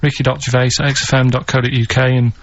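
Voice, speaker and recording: A deadpan man talks through a quiz segment on a radio show, slow and matter-of-fact, at a middling pitch. The sound is dull and lo-fi. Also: crowd noise. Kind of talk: casual radio banter. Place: radio studio.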